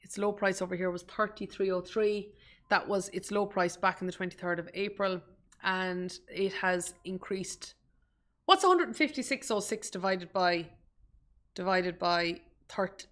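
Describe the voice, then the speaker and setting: A woman's voice: medium pitch, fairly even intonation, normal speed, fairly bright tone. Irish woman, live investing tutorial host, chatty and self-deprecating, talks straight to the viewers. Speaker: investment webinar presenter. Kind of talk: live screen-share stock tutorial.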